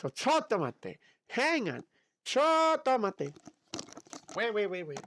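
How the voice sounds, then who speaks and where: A man's voice: sits high, sing-song, takes it slowly, fairly bright tone. A young man streaming casually, chatty and goofy, repeating himself and dropping in Japanese filler words, with a slightly tired throat. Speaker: virtual streamer. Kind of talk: casual livestream chat.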